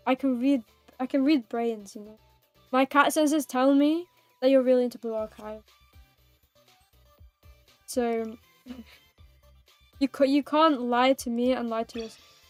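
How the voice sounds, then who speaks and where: A woman's voice: high voice, a little mellow, dry recording. A woman streamer chatting casually with her viewers in a playful, giggly, rambling way, teasing them and herself.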